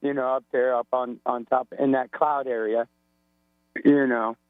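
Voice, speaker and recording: A man's voice: medium pitch, little pitch movement, unhurried, dry recording. Hungover man calling in on a phone line. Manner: rambling, joking. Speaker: radio caller. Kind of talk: casual phone call to radio show. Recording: tinny phone line with hum.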